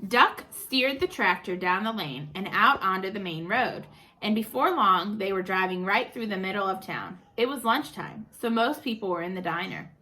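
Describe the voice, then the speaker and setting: A woman teacher reading a picture book aloud in an animated, expressive way. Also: medium pitch, normal speed.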